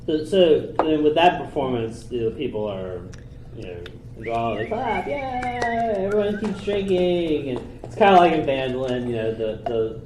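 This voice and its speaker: A man narrating as game master in a casual, halting way, with many fillers. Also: medium pitch, sing-song, noisy background. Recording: echoey room, mic a bit far.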